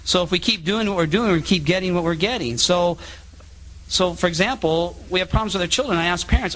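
A man giving a public Bible talk as a traveling speaker, telling anecdotes in an animated way and acting out the voices of the people in his stories. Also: high voice, a little fast, low-quality recording. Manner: animated storytelling, acts out quoted voices.

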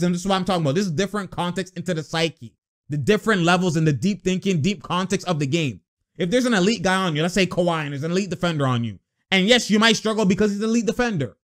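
A man with a high voice reacts to a basketball game in loose, slangy chat. He laughs a lot, shouts at the plays, then rants at length about a player. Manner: excitable, slangy, laughs often, yells at plays. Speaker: sports reaction vlogger. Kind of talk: casual live game reaction and rant.

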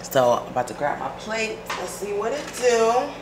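Hoarse, raspy-voiced chatty woman vlogger. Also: on the high side, big pitch swings, normal speed, very noisy. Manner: chatty, talks straight to viewers, laughs often. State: hoarse, scratchy sore throat. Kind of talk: casual vlog chat. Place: at home in the kitchen.

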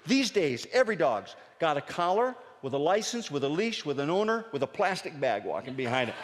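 A middle-aged man from Pennsylvania telling comic stories on stage, jumping up high and loud when he acts out his dad. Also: long reverb tail, slight background noise. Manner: animated, shouts his dad's lines in a high voice. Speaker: stand-up comedian. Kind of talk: storytelling stand-up comedy.

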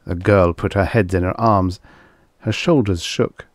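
A man's voice: sits low, steady tone, measured pace, dry recording, studio quality. A man reading vintage science fiction aloud as an audiobook narrator, telling the story expressively. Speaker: audiobook reader.

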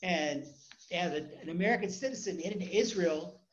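A man's voice: high-pitched, moderate pace, lo-fi sound, slight background noise. A man, a rabbi, teaching a Torah class in a conversational way, repeating words as he tells stories.

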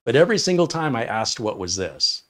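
A man's voice: mid-range voice, big pitch swings, brisk. A man hosting a tech live stream, chatting casually and telling an anecdote with frequent laughs. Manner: chatty, storytelling, laughs often. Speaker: tech channel host.

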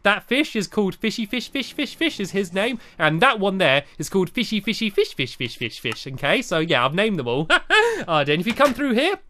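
Man, game commentary, excitable, very lively pitch, frequent fillers. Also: fairly quick. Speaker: gaming video host. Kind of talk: playful let's-play commentary.

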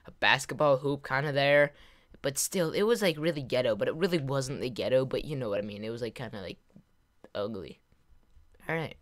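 A young man casually telling a story to his video audience, rambling and excitable, with lots of fillers and laughter. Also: on the high side. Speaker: gaming vlogger.

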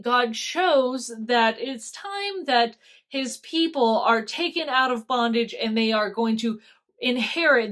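Chatty woman retelling Bible stories. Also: a little high. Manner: chatty, animated storytelling with slang. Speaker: Bible teacher. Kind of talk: casual Bible study retelling.

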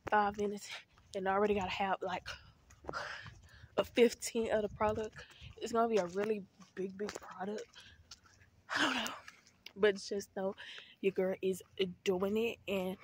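A woman's voice: mid-range voice, slight background noise. A teenage girl vlogging to her viewers on an outdoor walk, rambling, swearing freely and out of breath. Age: teens. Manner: rambling, profane, chatty, addresses viewers as y'all. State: out of breath while walking. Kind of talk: casual vlog talk to viewers.

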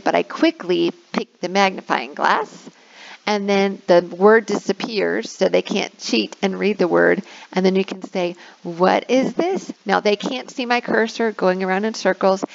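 A woman's voice: mid-range voice, creaky. A young woman teacher who explains an online lesson step by step, with upbeat praise and a demonstration of drilling new words. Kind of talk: screen-recorded teaching tutorial. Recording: dull lo-fi sound.

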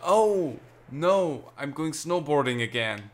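A man's voice: on the high side, lively intonation, slow. A man giving casual, rambling, self-mocking commentary while he plays a video game. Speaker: gaming channel host. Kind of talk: casual let's-play commentary.

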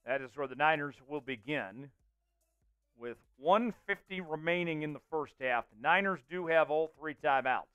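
A man hosting a livestream and calling the plays of a simulated football game, reading names from the chat and getting loud on big plays. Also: fairly high pitch, moderate pace, clear, resonant tone, dull audio, soft background music. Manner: excitable, shouts out chat names and hypes touchdowns. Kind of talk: live play-by-play commentary.

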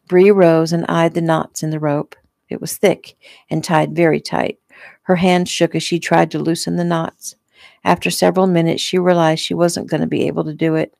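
A woman's voice: low-pitched, little pitch movement, moderate pace, creaky, a little mellow, no room sound. A woman author reading her own novel aloud casually and unpolished, as if at home. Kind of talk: casual audiobook narration.

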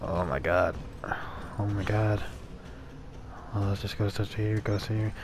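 A man's voice: on the low side, fairly even intonation, a little slow. Brief: male let's-play commentator, drawling pace, foul-mouthed, jumpy panic, faint noise behind him. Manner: profane, panicky outbursts and muttering. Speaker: gamer playing a horror game.

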